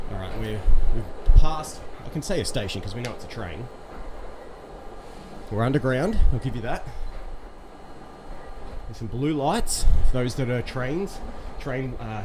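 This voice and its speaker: A man's voice: medium pitch, lively intonation, measured pace, long pauses, background noise. Chatty man on an exercise bike. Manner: chatty, upbeat, quizzing viewers. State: slightly out of breath from exercise. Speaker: live-stream host. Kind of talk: casual live-stream chat.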